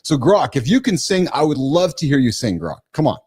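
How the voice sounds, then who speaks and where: A man's voice: fairly high pitch, big pitch swings, fairly quick, a little mellow, slightly rough. A man hosting a live morning show, teasing and blunt, often repeating words as he talks. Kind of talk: casual live show chat.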